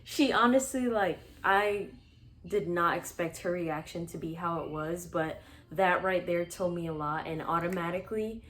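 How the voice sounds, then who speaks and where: A young woman vlogger tells her own life story in a casual, chatty way, dropping "like" often and laughing softly between sentences. Her voice sits on the low side with a fairly bright tone, moving at a moderate pace over a little hiss or hum.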